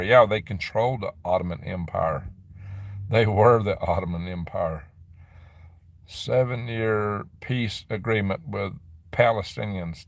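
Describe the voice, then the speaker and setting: A man's voice: lowish voice, vocal fry, no room sound. Chatty man hosting a live stream. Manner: rambling, chatty, answers comments with quick laughs. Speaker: livestream host reading viewer chat. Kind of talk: casual live chat. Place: dim room at his rural property.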